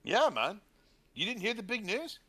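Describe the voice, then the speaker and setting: A man's voice: high-pitched, sing-song, moderate pace, fairly bright tone, slightly rough. A man co-hosting a role-played talk show in laid-back slang, ending lines with man or bro.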